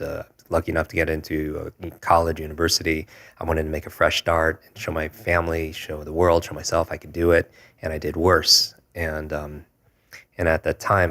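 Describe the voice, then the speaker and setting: Very deep, flat-voiced man telling his story. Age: 40s. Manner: earnest, reflective, with hesitant restarts. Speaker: podcast guest. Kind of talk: personal storytelling in a conversation.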